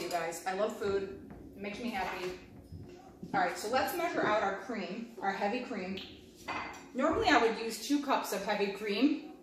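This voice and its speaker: Chatty woman, home cooking vlog, very echoey kitchen, mic set back from her. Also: medium pitch. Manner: talkative, talks while cooking and tasting food. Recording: echoey kitchen, mic a bit far off, clear background noise.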